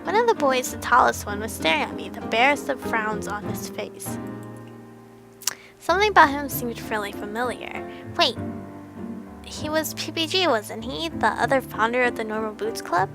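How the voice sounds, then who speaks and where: Young woman streamer, bright and a bit high, giggly narrator with music under. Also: lively intonation, normal speed, creaky, rough recording. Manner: playful, giggly asides between narration. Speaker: game streamer. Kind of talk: reading a visual novel aloud with reactions.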